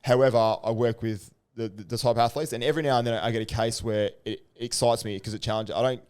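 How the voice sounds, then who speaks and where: A man, a strength and conditioning coach telling a client story as a podcast guest, animated and full of restarts. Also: mid-range voice, quick pace, smooth. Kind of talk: casual podcast chat.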